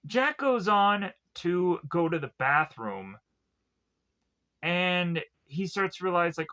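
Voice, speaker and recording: A man's voice: high voice, sing-song, slow pace, sharp tone. A man casually recapping a TV episode, rambling with many fillers and quoting the characters in passing.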